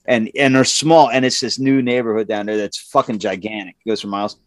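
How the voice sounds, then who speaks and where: A man's voice: lowish voice, brisk, no room sound. A man in casual chat, telling a profane work story and acting out the people in it. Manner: profane, animated storytelling, acts out quotes in raised voices.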